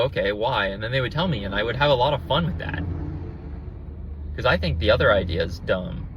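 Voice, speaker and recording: A man's voice: mid-range voice, fairly bright tone, low-quality recording. A man hosting a solo podcast from inside a car, chatting casually and earnestly with lots of fillers and restarts. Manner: rambling, with many fillers and restarts; earnest and enthusiastic. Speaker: podcast host. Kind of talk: casual solo chat while driving. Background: faint road noise.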